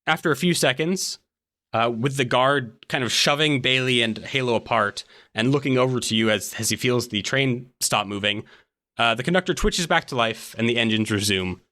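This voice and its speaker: Male GM, bright crisp voice, descriptive narration. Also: medium pitch, normal speed. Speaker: game master. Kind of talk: narrating a tabletop game.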